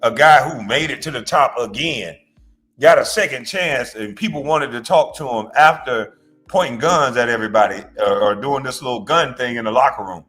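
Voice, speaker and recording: With faint music in the background, a male reaction-show host rants bluntly and profanely, mocking his target. His voice is mid-range and a bit bright, and he speaks at a moderate pace.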